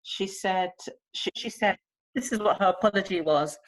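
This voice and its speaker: A woman, co-hosting a podcast in casual chat, animated and repeating herself as she reads quotes aloud. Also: medium pitch, moderate pace. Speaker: podcast co-host.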